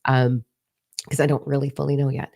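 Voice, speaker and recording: A woman's voice: a bass voice, level tone, fairly quick, vocal fry, dark tone. A woman retreat coach talking casually to her viewers, candid and emphatic, swearing freely. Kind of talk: casual direct-to-camera vlog talk.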